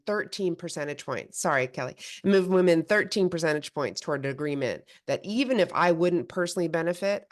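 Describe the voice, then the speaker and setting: A woman presenting her organization's work in a steady, explanatory way, with small restarts. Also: low-pitched. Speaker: presenter of an advocacy group. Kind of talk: prepared presentation.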